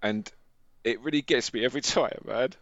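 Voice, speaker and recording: A man's voice: medium pitch, normal speed, a bit bright. A man co-hosting a podcast in casual chat, laid-back and nostalgic. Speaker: podcast co-host. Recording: dull, dry sound.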